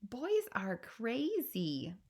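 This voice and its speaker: A woman's voice: a little high, wildly swooping pitch, extremely slow, darkish tone, heavily acted. A woman voicing a curious, frank young girl.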